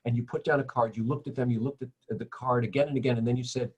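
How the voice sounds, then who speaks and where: A male host with a husky, slightly raspy voice of medium pitch puts questions to his guest. He talks in halting starts, repeating words before he gets to the point. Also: steady tone, a little mellow. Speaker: interview host. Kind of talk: interview questions.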